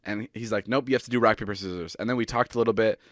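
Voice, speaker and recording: A man's voice: on the low side, fairly even intonation, very fast, fairly bright tone, no room sound, studio quality. A man in his twenties co-hosting a podcast, telling rambling stories in casual chat and swearing freely. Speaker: podcast co-host.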